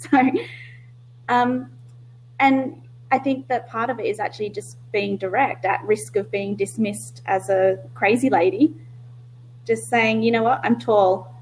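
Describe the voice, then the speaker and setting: A woman's voice: fairly high pitch, a little hiss or hum, low-quality recording. A woman in a casual online discussion, speaking candidly, often losing her thread and laughing at herself. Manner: candid, self-interrupting, laughs easily. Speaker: discussion participant.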